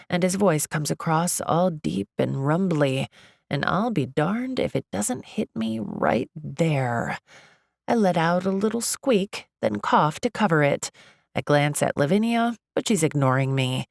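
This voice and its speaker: A woman narrating a first-person romantic comedy audiobook in an expressive, comic, confiding way. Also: deep voice, measured pace, vocal fry, no echo, studio quality.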